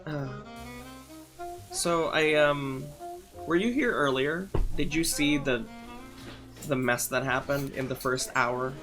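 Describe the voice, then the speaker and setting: A man's voice: medium pitch, slow pace, pauses often, fairly bright tone, soft background music. A man streaming live, chatting casually and irreverently while reacting to clips on a studio microphone. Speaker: livestreamer.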